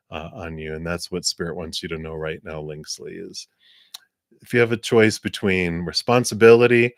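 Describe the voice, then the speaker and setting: A man giving live-streamed tarot readings in a gentle, encouraging way, rambling a little with fillers. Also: low voice, no room sound, studio quality. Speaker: tarot reader.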